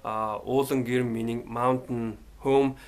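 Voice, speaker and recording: A Mongolian man vlogs from his bedroom, his unhurried speech sitting at a middle pitch with a level, slightly mellow tone. He halts often and hesitates, padding pauses with fillers like "uh" and "you know."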